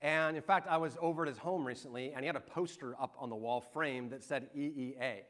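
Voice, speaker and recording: A middle-aged man preaching a sermon and telling an animated, excited story to his congregation. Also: medium pitch, fairly quick. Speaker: pastor.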